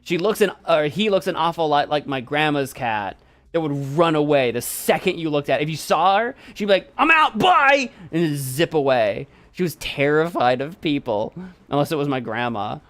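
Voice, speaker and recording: A man hosting a live stream, chatting casually in an animated, jokey and rambling way. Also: on the high side, normal speed. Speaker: streamer host.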